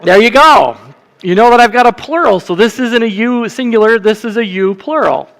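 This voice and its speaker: A man's voice: very high-pitched, moderate pace, a bit bright. Man preaching in an echoing church. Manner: conversational, checks in with the congregation. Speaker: deacon preaching. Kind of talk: sermon teaching. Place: church sanctuary. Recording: long church reverb.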